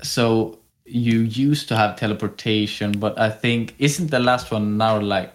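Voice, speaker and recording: A male podcast co-host in relaxed conversation with a friend. His voice sits fairly low, and he strings his questions together loosely, leaning on fillers as he thinks aloud. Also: measured pace. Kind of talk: casual chat.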